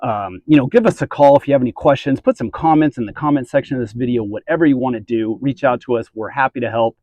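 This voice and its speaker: A man's voice: mid-range voice, fast talker, no room sound, dull audio. A man, a realtor and team leader, giving earnest, emphatic advice straight to camera. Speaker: real estate agent and team leader. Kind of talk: direct-to-camera advice video.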